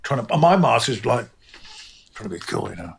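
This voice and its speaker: Mid-range in pitch but swinging widely, with vocal fry and slight roughness at a normal pace, this middle-aged English man is a comic book artist talking animatedly in a relaxed interview. He swears freely and now and then mimics voices.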